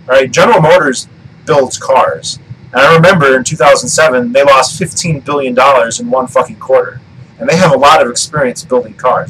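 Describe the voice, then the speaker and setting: A man's voice: mid-range voice, a bit bright, a little hiss or hum, poor audio. A man talking through an argument off the cuff, rambling, restarting sentences and swearing now and then. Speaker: political commentary vlogger. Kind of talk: casual monologue.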